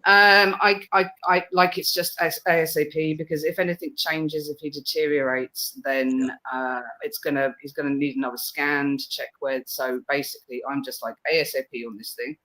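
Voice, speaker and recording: A woman's voice: deep voice, steady tone, normal speed, few pauses, sharp tone, rough recording. A woman, a guest on a radio chat show, giggly and hesitant, often repeating her words as she talks. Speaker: guest fundraiser.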